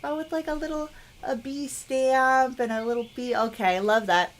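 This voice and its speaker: A woman's voice: high voice, steady tone, moderate pace, a little hiss or hum. A woman giving casual, chatty gameplay commentary, giggly and self-deprecating, reading the on-screen text aloud. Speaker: game streamer.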